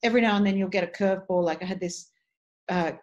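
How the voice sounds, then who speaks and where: A woman's voice: mid-range voice, quick pace, dull audio. A woman, a voice and dialect coach, speaking articulately and with energy in an interview. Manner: articulate, animated, restarts phrases. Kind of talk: interview conversation.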